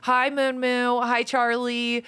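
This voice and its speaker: A woman's voice: fairly high pitch, completely flat delivery, slow, fairly bright tone, clean tone. A chatty woman streamer talking casually with her viewers, greeting them one by one and swearing freely. Her voice sounds dry and close, with no room echo. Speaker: live streamer.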